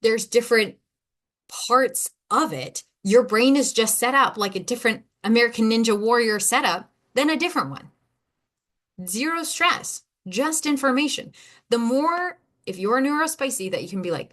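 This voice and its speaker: A woman's voice: a little high, a bit bright. A woman hosting her own podcast as an ADHD coach. She talks in a loose, rambling way, breaks off mid-sentence, repeats words and laughs easily. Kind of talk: casual solo podcast monologue.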